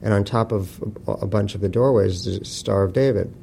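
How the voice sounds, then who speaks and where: A man's voice: on the low side, fairly quick, vocal fry, dark tone, slight background noise. A man talking as an author guest in an interview, blunt and profane, telling wry stories. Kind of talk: casual interview talk.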